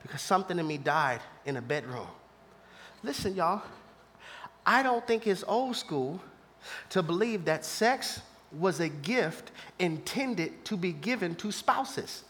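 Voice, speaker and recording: A man preaching a sermon to a live church congregation, moving from hushed asides to shouted peaks and laughing along with the crowd. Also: sits high, expressive, a little slow, slight background noise. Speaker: pastor.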